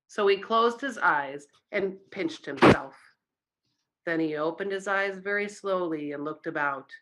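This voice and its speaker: A woman reading a children's story aloud at a church service, expressive and engaging her listeners. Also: on the low side, measured pace.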